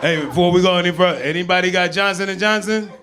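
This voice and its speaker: A male stand-up comedian doing crowd work, teasing people in the audience and slipping into quick put-on voices. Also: sits high, background noise. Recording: live club set with loud crowd laughter.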